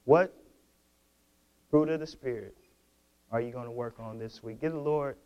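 A man pastor preaching a sermon, exhorting his congregation, repeating and restarting words and building to loud, passionate stretches. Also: mid-range voice, moderate pace, lo-fi sound, slight background noise.

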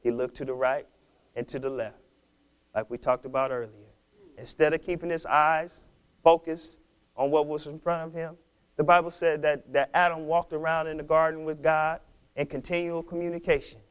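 A man pastor preaching a sermon, exhorting his congregation, repeating and restarting words and building to loud, passionate stretches. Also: on the high side, steady tone, normal speed, clear, resonant tone, lo-fi sound.

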